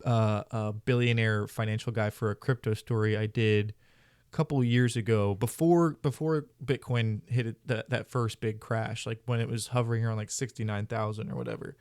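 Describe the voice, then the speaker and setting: A man's voice: lowish voice, steady tone, moderate pace, a little mellow, smooth, dry recording, studio quality. Rambling, profane man in casual chat. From Florida, US. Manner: profane, rambling, many restarts. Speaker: podcast host. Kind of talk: casual conversation.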